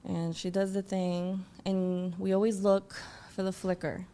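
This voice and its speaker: A woman guest telling an emotional personal story, acting out what people said with lively quoted voices. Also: a little slow. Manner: animated, acts out quotes in a higher voice.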